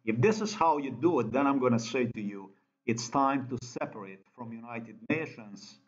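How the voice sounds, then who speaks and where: Ranting Slovenian-accented man, lo-fi. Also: medium pitch. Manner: ranting, profane, repetitive non-native phrasing. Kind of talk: angry monologue. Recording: dull lo-fi sound.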